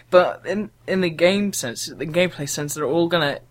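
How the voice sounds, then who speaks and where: A man's voice: fairly high pitch, normal speed. A young man co-hosting a casual gaming podcast, rambling with frequent ums. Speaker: podcast co-host.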